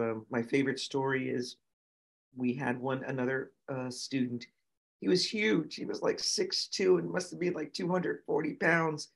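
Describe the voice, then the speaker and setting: A middle-aged woman, a guest on an interview show, telling lively stories with many fillers and giving emphatic advice. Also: very deep voice. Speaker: guest, nonprofit founder and autism parent. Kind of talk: conversational storytelling interview.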